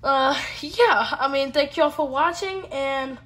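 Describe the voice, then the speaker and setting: A woman's voice: sits high, takes it slowly, a bit bright. A woman with a Southern US accent chatting casually to viewers while she opens card packs, with lots of fillers. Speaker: card-opening vlogger. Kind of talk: casual pack-opening chat.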